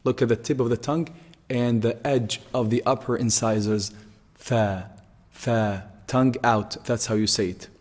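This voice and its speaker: A man teaches pronunciation, slowly and patiently repeating each sound so learners can copy it. His voice sits at an ordinary middle pitch. The recording has a long, hall-like echo. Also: fairly even intonation. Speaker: Quran teacher. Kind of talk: pronunciation lesson.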